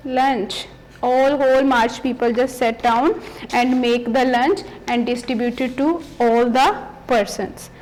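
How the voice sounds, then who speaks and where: In a rough recording, a woman teacher with a high-pitched voice reads a story from a textbook aloud. She goes through the chapter sentence by sentence, explaining each one in simpler words.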